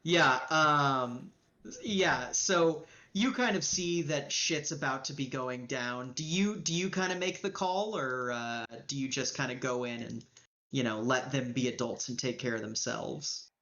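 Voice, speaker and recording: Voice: medium pitch, a little slow, pushed and bright, highs cut off. A game master narrating a tabletop game in a casual, loose way with plenty of fillers.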